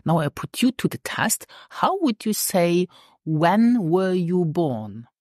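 A woman teaching a language lesson in a patient, deliberate way, often checking in with the listener. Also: fairly low pitch, sing-song, darkish tone, no echo, clean studio sound. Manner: patient, slow and deliberate, checks in with "hmm?" and "okay?".

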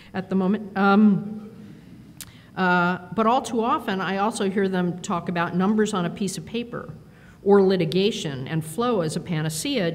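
Woman at a podium telling funny work stories, big echoey hall with a low hum. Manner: animated, self-deprecating anecdotes with quoted dialogue. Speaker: conference speaker. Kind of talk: storytelling keynote speech. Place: large conference hall. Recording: reverberant hall with faint rumble.

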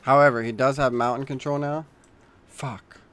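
A young man streaming a shooter game, giving calm callouts to teammates, then yelling in panic when things get tense. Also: mid-range voice, moderate pace, smooth. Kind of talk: casual gaming chatter.

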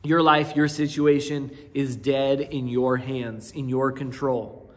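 A man's voice: medium pitch, little pitch movement, takes it slowly, long reverb tail. A man in his thirties preaching a sermon as pastor, conversational, with restarts and "right?" asides. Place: church sanctuary.

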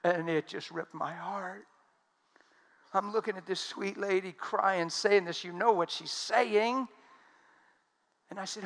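A man preaching a sermon, telling stories emphatically and swinging between loud and hushed speech. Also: high-pitched, a little slow.

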